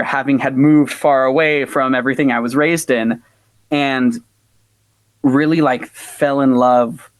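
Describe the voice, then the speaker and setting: Animated American storyteller man. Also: medium pitch, no echo. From United States. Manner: animated storyteller, acts out quotes, many fillers like "like". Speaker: folk-punk musician, interview guest. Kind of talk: casual storytelling in an interview.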